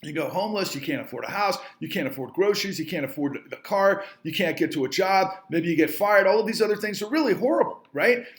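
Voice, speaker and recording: In a roomy-sounding space, a man with a high, animated voice fires off an impassioned rant to camera at a quick pace, barely pausing. He's a filmmaker and entrepreneur, angry and emphatic, repeating himself for force and swearing mildly.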